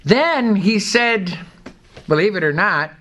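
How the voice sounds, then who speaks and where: A man preaching a sermon in a somewhat high voice. He speaks emphatically as a pastor and leads the congregation in repeating lines back to him. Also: lively intonation, slow, fairly bright tone.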